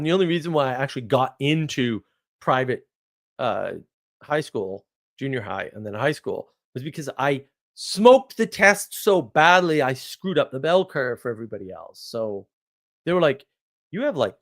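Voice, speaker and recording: An American man in his forties telling rambling stories in a casual monologue, sarcastic, with mock outrage and animated asides. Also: medium pitch. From United States. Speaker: podcast host.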